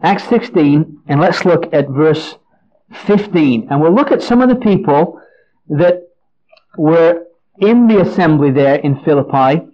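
A man's voice: fairly high pitch, expressive, a little slow. A man preaching an earnest Bible-teaching sermon, often restarting and repeating words as he explains a passage. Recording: dull lo-fi recording.

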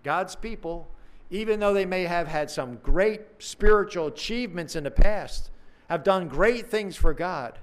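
Higher-pitched man preaching earnestly. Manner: earnest, conversational preaching with dramatic emphasis. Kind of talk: sermon.

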